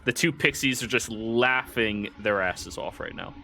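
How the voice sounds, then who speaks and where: A man's voice: mid-range voice, unhurried, pushed and bright, a little hiss or hum. A man narrating as game master in a casual tabletop game, with loose filler words.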